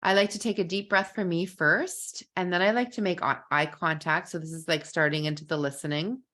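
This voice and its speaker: Middle-aged lady coach teaching parents, lowish voice, says like a lot, acts out quotes. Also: steady tone, fairly quick, a bit bright. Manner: chatty, many "like" fillers, acts out quoted lines. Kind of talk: live masterclass teaching.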